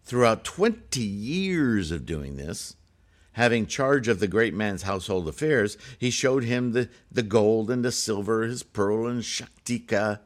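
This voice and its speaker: Low-voiced man reading scripture with asides. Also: animated, a little slow. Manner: reads aloud, then breaks off into chatty asides with "right?". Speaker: Buddhist teacher reading scripture. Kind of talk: scripture reading with casual commentary.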